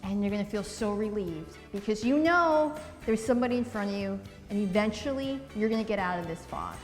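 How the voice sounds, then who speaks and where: A woman's voice: mid-range voice, animated, brisk, in a large hall, faint music behind. A woman from New Jersey, chatty and upbeat, talking through a recipe in a casual cooking vlog. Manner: chatty and upbeat, laughs easily.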